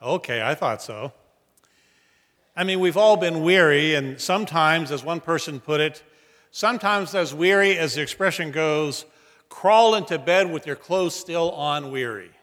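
A middle-aged man, a senior pastor, preaching a sermon in a church sanctuary and shifting between soft and emphatic delivery. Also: on the high side, unhurried. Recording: long hall reverb.

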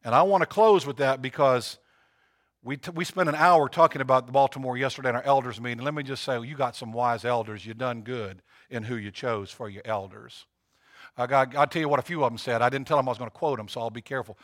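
A man's voice: medium pitch, fairly quick, fairly bright tone. A man preaching a sermon to his congregation, talking casually with emphatic repetitions and swelling to fervent peaks. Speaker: pastor.

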